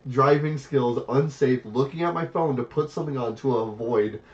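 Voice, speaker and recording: A man's voice: medium pitch, normal speed. Storytelling man, dull distant podcast sound. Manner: animated storytelling with quoted asides. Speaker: podcast co-host. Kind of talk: casual chat.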